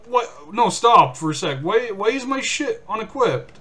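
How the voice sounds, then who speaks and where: A man streaming a horror game, cursing and yelling at the game in exasperation. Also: high-pitched, sing-song, measured pace. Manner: swearing, exasperated outbursts at the game. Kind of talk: casual gameplay commentary.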